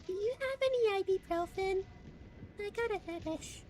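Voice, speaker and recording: A man putting on a shrill, squeaky falsetto as a panicky woman begging and whining. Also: moderate pace. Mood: whiny.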